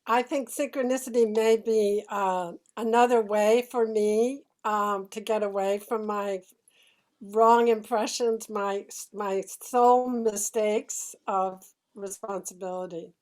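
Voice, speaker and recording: A woman sharing in a group coaching session, speaking slowly and reflectively with laughing asides. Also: mid-range voice, steady tone, a little mellow. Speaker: session participant.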